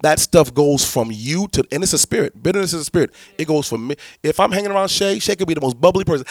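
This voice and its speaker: Man, pastor, preaching-style teaching, emphatic, repeats and restarts, fairly high voice. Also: expressive, fast talker, darkish tone, dry recording. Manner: emphatic, repetitive, many restarts.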